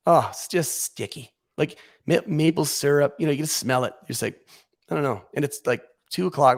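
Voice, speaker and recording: A man as a podcast guest, telling a comic story in a casual, animated way, acting out what he and others said. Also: a little high, a little fast, creaky.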